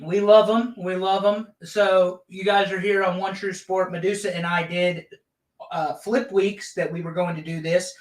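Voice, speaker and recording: A man's voice: sits high, flat delivery, normal speed. A man hosting a live chat show, upbeat and playful as he introduces his co-host. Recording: roomy echo.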